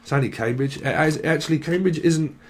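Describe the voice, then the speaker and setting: A man's voice: a little high, brisk. A man giving a loose, free-associating tarot reading, jumping between names and words and joking as he goes. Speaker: tarot reader. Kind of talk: rambling channeled tarot reading.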